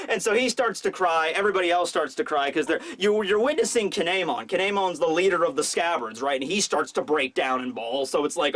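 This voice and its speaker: High-voiced man rambling through a recap. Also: fairly quick, hardly any pauses, a bit bright. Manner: rambling, filler-heavy, jokey. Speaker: manga review host. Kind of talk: casual chapter recap commentary.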